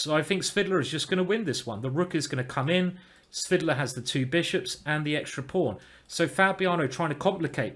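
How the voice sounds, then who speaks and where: Male streamer, relaxed chess commentary with a slightly raised pitch, rambling restarts and sudden bursts of excitement. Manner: chatty, thinking aloud with restarts; bursts into excited exclamations at good moves.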